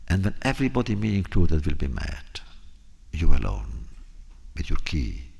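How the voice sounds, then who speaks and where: Man doing a stern old king, deliberate, gravelly low voice, husky. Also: animated, heavily acted.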